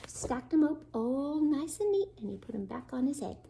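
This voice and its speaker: A woman teacher reading a children's story aloud, expressive and asking the young listeners questions. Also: high-pitched, normal speed, vocal fry, a little hiss or hum.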